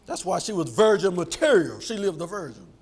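A middle-aged man preaches in a high voice. His pitch leaps and swings widely as he builds toward shouted peaks. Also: brisk, husky. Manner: animated, shouts at peaks and acts out quoted voices. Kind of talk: sermon.

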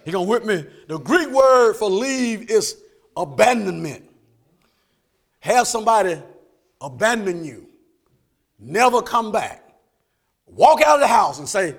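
A pastor in full flow, his voice pitched high for a man and leaping all over its range. He throws out "amen?" to the congregation and drops to near-whispers before building back up to shouts. Delivery rooted in a style. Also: big pitch swings, measured pace, gravelly, long pauses. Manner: call-and-response preaching, asks "amen?" often, swings from soft to shouted. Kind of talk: sermon.

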